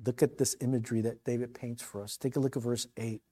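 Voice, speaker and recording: A middle-aged male pastor preaching a conversational, impassioned sermon, swinging from loud declarations to hushed asides. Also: medium pitch, level tone, quick pace.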